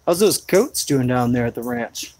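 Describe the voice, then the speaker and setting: A man's voice: medium pitch, animated, normal speed, background noise. A man rambling through a laid-back live chat outdoors in his rainy backyard, full of fillers. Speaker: homesteading vlogger.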